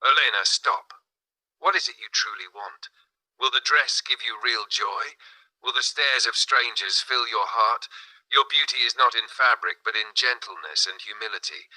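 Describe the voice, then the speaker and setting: A man voicing a gentle, piercing divine inner voice that speaks calmly. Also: mid-range voice, moderate pace, rough recording. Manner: gentle yet piercing, calm.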